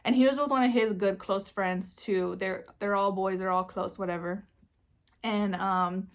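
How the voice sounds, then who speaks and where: A young woman telling a personal story in a casual storytime vlog, chatty, swearing freely and filling her speech with "like". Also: mid-range voice. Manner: chatty, swears freely, many filler words. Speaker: vlogger.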